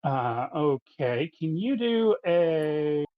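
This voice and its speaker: A man's voice: on the high side, very animated, drawn-out words, no echo, phone-quality sound. A man narrating a tabletop game as game master, hesitant and full of fillers.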